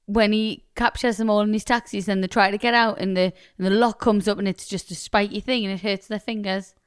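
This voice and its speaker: A woman's voice: medium pitch, steady tone, brisk, clean tone, dry recording, studio quality. A woman co-hosting a podcast in casual chat, teasing her husband, swearing and laughing often. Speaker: podcast co-host.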